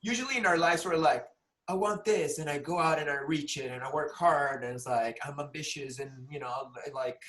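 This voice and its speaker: Male guest, forties, casual, filler-heavy, unhurried. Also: fairly high pitch. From Peru. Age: 40s. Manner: relaxed, rambling with many fillers. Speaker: guest artist. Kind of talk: casual podcast interview.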